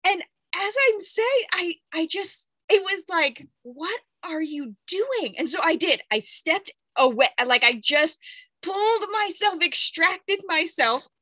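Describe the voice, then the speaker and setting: A woman's voice: very high-pitched, lively intonation, unhurried, sharp tone, no echo. A woman in her thirties talking candidly and at length in a rambling, reflective monologue, laughing often as she goes. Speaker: podcast host.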